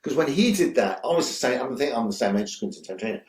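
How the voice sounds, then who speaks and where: A man's voice: medium pitch, very animated, racing, roomy sound. A man, a guest director telling rambling, enthusiastic stories in a casual interview, swearing freely. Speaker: guest, music video director.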